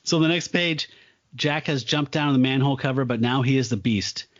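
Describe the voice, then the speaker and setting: A man's voice: medium pitch, moderate pace, muffled recording. Enthusiastic man recapping a comic. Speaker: comic book podcast co-host. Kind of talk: casual chat.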